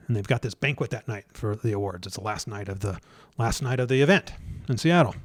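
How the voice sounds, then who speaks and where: A man telling a story in a casual interview, stumbling over restarts and fillers and getting animated as he retells scenes. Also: mid-range voice, dry recording, studio quality. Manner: halting, many restarts and fillers. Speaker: guest researcher.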